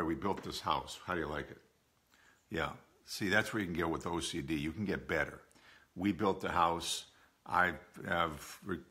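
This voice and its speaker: Older guy in his 60s, deep gravelly voice, kinda bright edge, just chatting openly from home, repeats stuff a lot. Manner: candid, conversational, repeats phrases for emphasis. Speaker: OCD educator and coach. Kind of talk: live-streamed talk to a support group.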